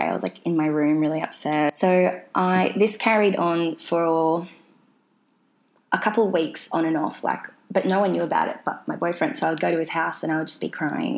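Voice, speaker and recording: A woman's voice: lowish voice, vocal fry. A young woman telling a personal story casually, rambling with lots of fillers and restarts. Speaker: vlogger sharing her mental health story.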